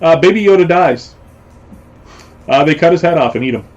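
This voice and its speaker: A man hosting a livestream show, chatting casually and rambling between jokes with a quick laugh. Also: on the high side, animated, darkish tone, soft background music. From Canada. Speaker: show host. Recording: slightly dull lo-fi stream audio.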